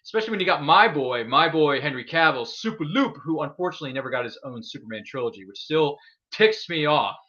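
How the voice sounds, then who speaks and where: A man hosting a casual geeky movie chat. His voice is bright and forceful, and he gushes in excited bursts. The audio sounds dull and lo-fi. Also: on the high side. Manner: excitable, gushing, talks fast in bursts. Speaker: podcast host.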